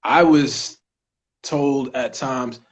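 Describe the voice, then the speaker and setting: A man with a New York accent, an actor and co-host, chatting casually on a podcast with frequent restarts and easy laughter. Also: mid-range voice. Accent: New York (Staten Island). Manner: halting, restarts a lot, laughs easily. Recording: dull lo-fi recording.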